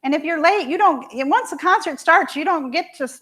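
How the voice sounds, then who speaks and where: A woman voicing her upset teenage daughter, who pleads in a rapid, breathless way. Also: high voice, fairly bright tone, pitched above the performer's own voice. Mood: panicked. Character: panicked teenage girl, tearful and insistent.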